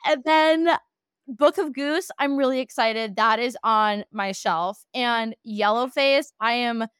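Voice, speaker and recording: A woman's voice: fairly high pitch, slow pace, a bit bright, clear, resonant tone, dry recording, clean studio sound. A woman hosting a casual podcast interview, chatty and self-deprecating, with lots of "like" in her speech. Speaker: podcast host.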